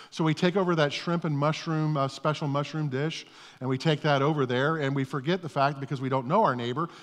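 A middle-aged male pastor giving a conversational, self-deprecating sermon, often repeating his words as he starts a thought. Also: a little high. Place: church sanctuary. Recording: long reverb of a church hall.

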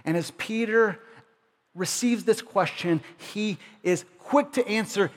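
Pastor, male, high-pitched, conversational sermon delivery with restarts; reverberant hall. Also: slow. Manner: conversational preaching with frequent restarts. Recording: long reverb of a large hall.

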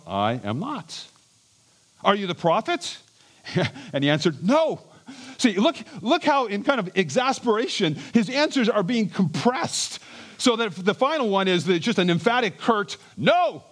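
A man preaching an expository sermon as a pastor, emphatic and animated, with chuckles and restarts. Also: sits high.

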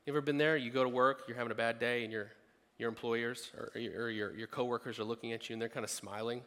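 A man preaching a sermon, talking conversationally and rising to loud, emphatic peaks. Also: medium pitch, steady tone, fast talker, long reverb tail. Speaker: pastor.

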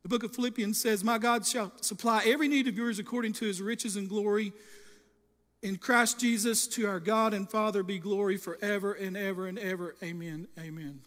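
A high-pitched man preaching with fervour in a church sanctuary, his voice trailing off into a long reverb from the hall around him. He often trips over and restarts his phrases. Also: steady tone, fairly quick, a bit bright. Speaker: pastor. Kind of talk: sermon.

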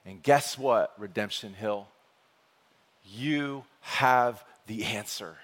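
A man preaching a sermon with energetic call-and-response delivery. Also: on the low side, slow. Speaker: pastor. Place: church sanctuary. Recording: long hall reverb.

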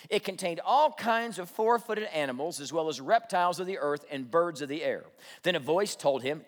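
A man's voice: fairly high pitch, big-room sound. A man preaching a sermon, reading scripture and explaining it with rhetorical questions to the congregation. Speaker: pastor.

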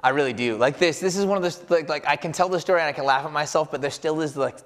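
A man's voice: fairly high pitch, fast, fairly bright tone. Man telling a story, full of "like"s. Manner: rambling and self-deprecating, many "like" fillers. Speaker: podcast co-host reflecting on scripture. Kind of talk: personal storytelling in casual chat.

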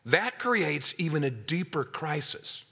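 A middle-aged man preaching a sermon, swinging from hushed asides to loud, acted-out voices. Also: fairly high pitch, very animated, measured pace, creaky, husky.

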